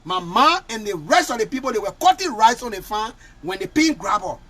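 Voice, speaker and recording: A man's voice: very high voice, sing-song, brisk, a bit bright. A man hosting a live call-in show, impassioned and close to tears, often repeating himself. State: tearful. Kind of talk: emotional live call-in talk.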